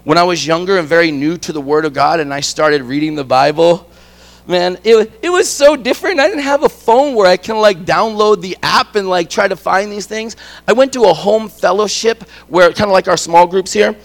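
A middle-aged man giving a guest sermon in a conversational, storytelling way, swinging from quiet asides to emphatic points. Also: high-pitched, moderate pace, gravelly. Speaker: guest preacher. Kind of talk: conversational sermon with personal stories.

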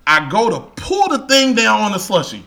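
A young man tells a profane, laughing story on a podcast. His voice sits high and bright, bouncing all over in pitch as he acts out the scene. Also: sing-song, normal speed, gravelly. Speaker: podcast co-host. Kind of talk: casual storytelling chat.

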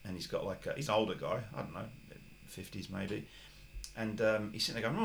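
A man's voice: on the low side, fairly quick, creaky. A man telling rambling anecdotes as a podcast host, slipping into quoted voices and laughing as he goes. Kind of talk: casual storytelling chat.

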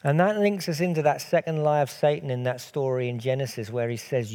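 Mellow-voiced man preaching a sermon. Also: medium pitch, fairly even intonation, a little fast. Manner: earnest, builds with repeated rhetorical questions.

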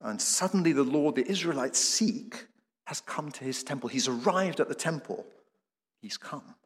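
Guy giving a sermon, middle pitch, lots of questions to the room, long hall echo. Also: lively intonation, moderate pace. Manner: explanatory, rhetorical questions, some restarts. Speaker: preacher.

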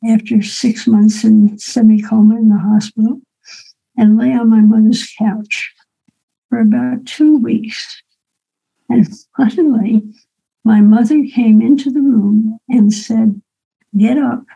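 A woman in her eighties telling a personal story to an audience, unhurried and reflective, often adding "right?" to her sentences. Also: mid-range voice, gravelly, warm tone, breathy edge, poor audio. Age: 80s.

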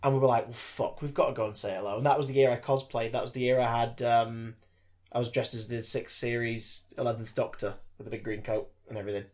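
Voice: medium pitch, fast talker. A podcast host, telling anecdotes in casual chat, acting out the voices of people in the story and using lots of fillers. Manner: lively storyteller, acts out quoted voices, many fillers.

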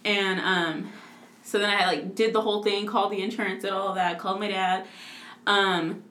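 A woman in her twenties telling a story in casual chat, animated and laughing, with lots of "like". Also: mid-range voice, normal speed. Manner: animated, laughing, heavy use of "like". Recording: echoey room.

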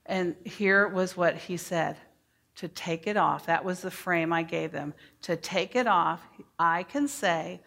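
A middle-aged woman giving a workshop to teachers, speaking deliberately and modeling phrases for the audience to repeat. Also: lowish voice, vocal fry, fairly bright tone. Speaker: early childhood educator giving a workshop.

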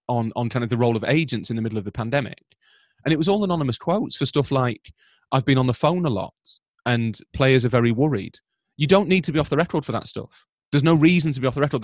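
A man from Britain, a football journalist, talking through the news on a podcast in a measured, analytical way with frequent restarts. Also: mid-range voice, a little mellow, no echo, clean studio sound. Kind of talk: conversational podcast commentary.

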